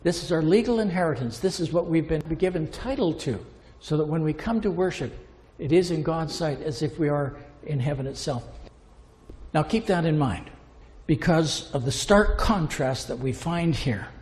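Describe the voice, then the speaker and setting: A man preaching a sermon, impassioned, building to emphatic peaks and then dropping to a low, quiet tone. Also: expressive, normal speed, big-room sound.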